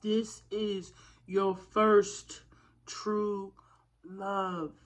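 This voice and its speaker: A woman's voice: mid-range voice, little pitch movement, drawn-out words. A woman giving a spiritual tarot reading in a fervent, preacher-like way, calling her listeners y'all. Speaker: tarot reader.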